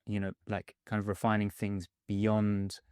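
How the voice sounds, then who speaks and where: A man with a lowish voice talks through his coaching ideas in a conversational podcast interview. He speaks in a measured, hedging way, padding his points with "sort of" and "kind of". The sound is dry and close. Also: completely flat delivery, darkish tone, clear, resonant tone, dry recording. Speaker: mindset and anxiety coach, podcast guest.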